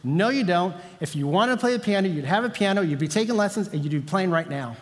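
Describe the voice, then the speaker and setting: A male pastor quoting a blunt woman church pianist in a flat, dismissive tone. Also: high-pitched, fast talker, long reverb tail. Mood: curt.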